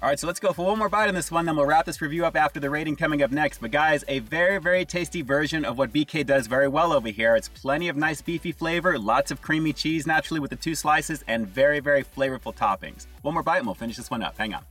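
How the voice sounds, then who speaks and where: A man casually reviewing fast food on his vlog, upbeat and full of catchphrases, talking to viewers as "guys". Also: fairly high pitch, a bit bright, recorded from a distance, soft background music.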